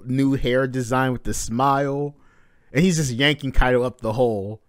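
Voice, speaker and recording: A man hosting a live manga reading reaction, narrating panels with excited swearing and casual talk. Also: mid-range voice, normal speed, clean tone, no room sound, studio quality.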